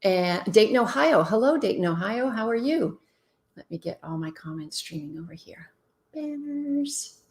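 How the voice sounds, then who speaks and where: A woman's voice: mid-range voice, expressive, normal speed, darkish tone. Chatty woman hosting a live advice stream. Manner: chatty, reads out viewer comments and answers bluntly. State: tired after a long day. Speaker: relationship expert host. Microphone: webcam mic, moves toward and away from it.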